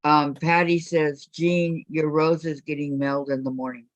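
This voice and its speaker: A woman's voice: sits low, level tone, normal speed, dry recording, highs cut off. An older woman hosting a quilting live stream on a video call, chatting casually, teasing her guests and reading viewer comments aloud.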